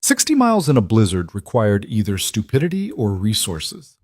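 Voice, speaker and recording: Low, dry male storyteller. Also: huge pitch swings, moderate pace, darkish tone, no room sound. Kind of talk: scripted story narration.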